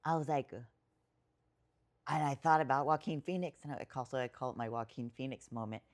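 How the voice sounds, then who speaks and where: Deep-voiced woman rambling thru a personal story, lots of likes and swearing. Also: fast. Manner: rambling, filler-heavy, swears freely, emotional. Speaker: podcast guest, writer and poet. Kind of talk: casual storytelling conversation.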